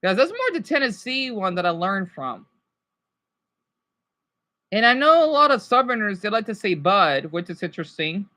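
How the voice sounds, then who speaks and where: A woman's voice: medium pitch, big pitch swings, normal speed, pauses often, bright, forceful tone. A woman streaming live and chatting casually with her viewers.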